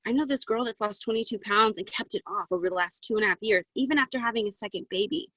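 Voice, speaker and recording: A woman in her twenties giving a chatty, excitable motivational talk to a sales team over a video call from her closet, with plenty of "um" and "right?". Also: on the high side, fast talker, no echo, poor audio. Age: 20s. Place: home walk-in closet.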